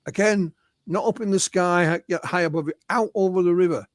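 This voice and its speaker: A man's voice: sits high, brisk, no echo, clean studio sound. A man with an English accent, an interview guest who recounts witness stories in a conversational way, quoting people in his own voice, with many fillers and restarts. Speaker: interview guest, UFO researcher. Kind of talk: conversational storytelling.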